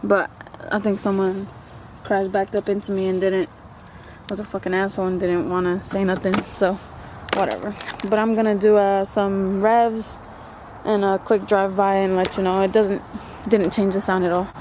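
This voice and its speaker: A woman's voice: mid-range voice, level tone, normal speed, noisy background. Rambling, chatty woman car vlogger. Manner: rambling, chatty, swears casually. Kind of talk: casual vlog. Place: outdoors by her car. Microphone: camera mic outdoors in wind.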